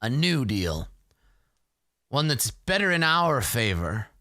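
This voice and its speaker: A man voicing an ancient blind village matriarch who taunts slowly and with menace. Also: mid-range voice, very animated, sharp tone, no room sound, studio quality, heavily acted. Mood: mocking. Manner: taunting, slow and drawn out.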